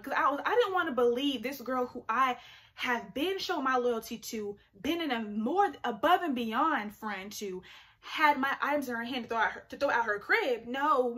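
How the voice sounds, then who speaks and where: Young woman, storytime vlog, husky voice, bright tone, animated and chatty. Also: high voice, normal speed. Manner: animated, chatty, lots of "like" fillers. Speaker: vlogger.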